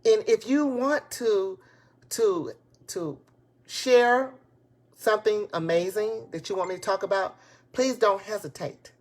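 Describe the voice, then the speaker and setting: A woman giving a live motivational talk to her viewers, excited and preachy, repeating her points and speaking in casual, folksy grammar. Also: medium pitch, measured pace. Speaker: motivational speaker and business coach. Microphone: tablet device.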